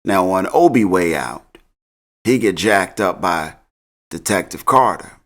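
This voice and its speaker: A man's voice: sits low, animated, a little slow, fairly bright tone. A man casually recapping a TV episode in slang, laughing often. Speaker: TV recap host.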